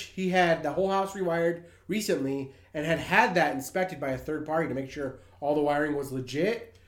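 A man co-hosting a casual comedic podcast, telling the story in an animated, profane, joking way. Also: a little high, roomy sound. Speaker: podcast co-host.

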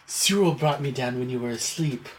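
A jittery young maid who whispers her secrets in fits and starts, stammering and doubling back on her words, as a man puts her on in a tabletop game. She sits at a middling pitch and slips into a hush whenever she thinks she might be overheard. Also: moderate pace, slight background noise, lightly acted. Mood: secretive. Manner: hesitant, stammering, hushed. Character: nervous secretive young female servant.

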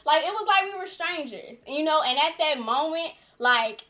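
A woman in her thirties hosting a podcast, telling a story in casual chat and acting out quotes with a lively voice. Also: high voice, moderate pace. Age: 30s. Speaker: podcast host.

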